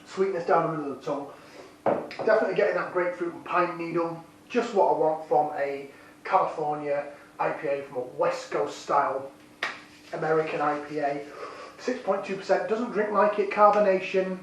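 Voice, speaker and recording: A man casually reviewing a beer, enthusiastic and rambling, deliberately keeping his voice down, recorded on a camera's built-in microphone. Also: fairly high pitch, steady tone. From United Kingdom. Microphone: built-in camera mic. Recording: very echoey room, distant mic, faint noise.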